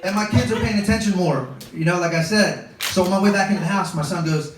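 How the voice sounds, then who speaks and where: High-voiced comedian far off in an echoey club. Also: male voice, fast talker, few pauses. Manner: animated, acts out quoted voices. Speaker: stand-up comedian. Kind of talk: stand-up storytelling. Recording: distant mic, roomy echo, audience noise. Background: audience laughter.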